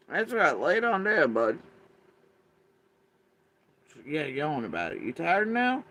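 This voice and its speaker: High lively guy ranting on his stream, cussing, bright voice, loud then mumbly. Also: a little slow, pauses often. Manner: animated, profane, swings between loud and muttering. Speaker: livestream host. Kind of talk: casual ranting commentary.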